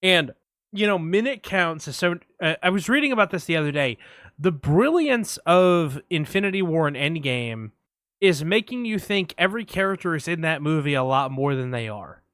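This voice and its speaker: A man co-hosting a casual movie podcast, telling stories in an animated way, swearing often and acting out quotes. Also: fairly high pitch, normal speed, no echo, studio quality. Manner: animated storyteller, swears a lot, acts out quotes. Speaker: podcast co-host.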